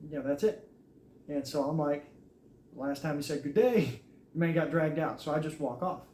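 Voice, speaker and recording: A man's voice: fairly high pitch, steady tone, moderate pace, a little mellow. Earnest man in an echoey room. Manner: earnest, recounts events with quoted dialogue. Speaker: army veteran telling his story. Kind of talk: casual storytelling. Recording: echoey room with faint noise.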